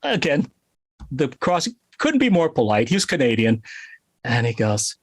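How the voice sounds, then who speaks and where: A middle-aged man from Connecticut telling a story in a casual interview, animated and laughing often. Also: mid-range voice, normal speed, husky, no room sound. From Connecticut, USA. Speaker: guest musician.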